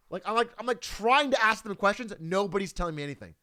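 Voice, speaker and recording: A man's voice: high-pitched, expressive, quick pace, sharp tone. A man telling a story casually, swearing freely and breaking into laughter often.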